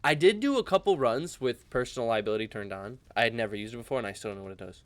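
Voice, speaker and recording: A young man chatting casually in a rambling, animated way while playing a video game for his channel. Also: mid-range voice, rapid-fire. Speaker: gaming channel host. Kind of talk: casual let's-play commentary.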